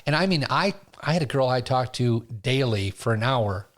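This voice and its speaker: Chatty middle-aged man with lively pitch. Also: moderate pace. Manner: rambling storyteller, chatty. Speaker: podcast host. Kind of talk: casual interview chat.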